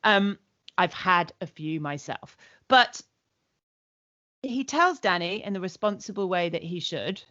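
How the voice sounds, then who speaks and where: A woman's voice: lowish voice, animated, unhurried, pauses often, bright, forceful tone, dry recording, lo-fi sound. Blunt, sweary woman podcaster. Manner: blunt and sweary, recaps with quoted asides. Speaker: podcast co-host. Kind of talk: casual chat.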